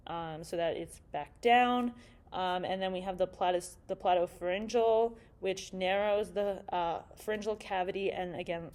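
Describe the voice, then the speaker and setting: A young woman giving a classroom presentation on speech anatomy, halting and filling pauses with "um" as she goes. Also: medium pitch, a little mellow. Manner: halting, many fillers and restarts.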